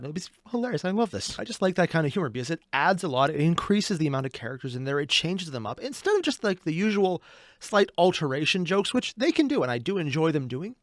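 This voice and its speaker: A man's voice: a little high, dry recording, clean studio sound. A man hosting an anime reaction channel, giving casual, enthusiastic commentary and chatty analysis.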